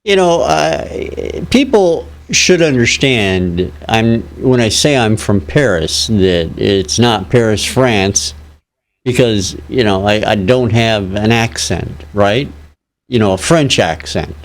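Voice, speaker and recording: A man's voice: fairly low pitch, expressive, slow. A laid-back man from Illinois co-hosts a live online show. He jokes easily in a loose, casual way. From Illinois, United States. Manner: laid-back, joking, easygoing. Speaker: co-host.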